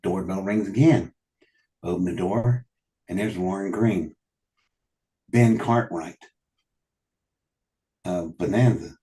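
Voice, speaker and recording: A man telling animated anecdotes in a casual conversation, often laughing and quoting what people said. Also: low voice. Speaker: guest telling stories. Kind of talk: casual storytelling.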